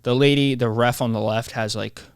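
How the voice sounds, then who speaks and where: A man hosting his own podcast, talking in a rambling, animated monologue that keeps interrupting itself. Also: mid-range voice, normal speed, smooth, dry recording, studio quality. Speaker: podcast host. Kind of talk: casual solo podcast monologue.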